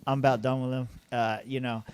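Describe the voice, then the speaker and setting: A man's voice: medium pitch, flat delivery, fairly quick, a little mellow, clean tone, dry recording. A young man co-hosting a podcast, rambling casually about his fantasy football team, swearing freely and laughing often. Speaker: podcast co-host.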